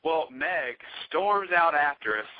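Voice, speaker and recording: Speaking slowly in a fairly high-pitched voice, a man guesting on a podcast tells an outlandish story in a casual, animated way, full of profanity and acted-out quotes. The lo-fi audio is dull and dry, with no echo.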